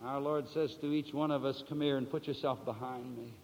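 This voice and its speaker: A man preaching a sermon, swinging between soft, low passages and loud, drawn-out words, and asking the listeners questions he answers himself. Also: fairly even intonation. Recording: dull, lo-fi sound with long hall reverb.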